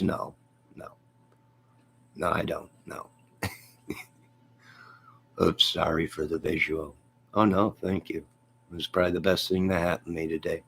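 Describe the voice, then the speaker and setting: A man hosting his channel in loose, joking talk. He has a gravelly, husky voice, low-pitched and slow. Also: a bit bright. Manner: joking, repetitive, laughs often. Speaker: host of a movie and music channel. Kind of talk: casual rambling chat.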